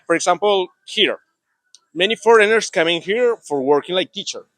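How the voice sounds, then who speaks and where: A young man with a Colombian Spanish accent, a native Spanish speaker, talking in an interview in halting English with many restarts. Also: sits high, animated, fairly bright tone, dry recording. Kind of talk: casual interview talk.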